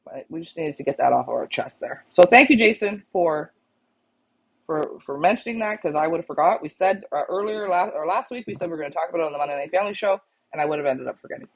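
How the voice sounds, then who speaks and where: A woman co-hosts a casual stream for club members, blunt and exasperated, hammering her points home by repeating them. Her voice comes through a little husky and the sound is dull and lo-fi. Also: sits low, expressive, fast. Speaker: co-host of a pigeon auction club show.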